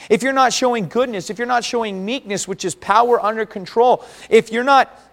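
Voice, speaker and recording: A man preaching a sermon, earnest, with big swings between loud and quiet. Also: very high voice, a little fast. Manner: earnest, rises and falls dramatically. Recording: long hall reverb.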